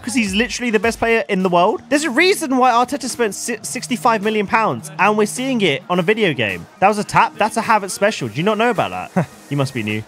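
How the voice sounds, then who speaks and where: A young man commentating on his own video game as a streamer, with bursts of shouting hype and quiet muttered asides. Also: sits high, very animated, quick pace, faint music behind. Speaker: gaming streamer.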